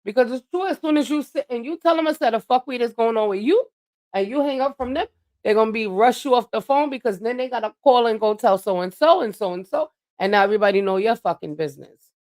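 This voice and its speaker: A woman with a slightly high voice rants to her livestream chat. She is blunt, profane and preachy, lecturing listeners about who to trust. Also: animated, fast talker, a little mellow. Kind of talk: ranting live-stream monologue.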